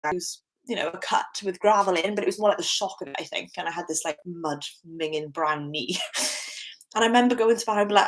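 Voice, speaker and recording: A woman's voice: lowish voice, fast, a bit bright. A young British woman giving a candid, chatty solo podcast talk, with frequent fillers and restarts. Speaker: podcast host.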